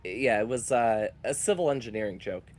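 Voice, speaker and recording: A man's voice: medium pitch, expressive, normal speed, darkish tone. Giggly man reading jokes aloud. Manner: giggly, laughs through his own readings. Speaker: guest reading chat jokes.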